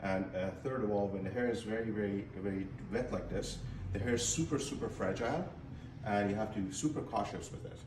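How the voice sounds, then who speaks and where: A man's voice: lowish voice, brisk, noisy background. A male hair stylist in a salon giving a casual how-to demonstration, speaking in an instructive way and often repeating his words. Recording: echoey salon room, faint ambience.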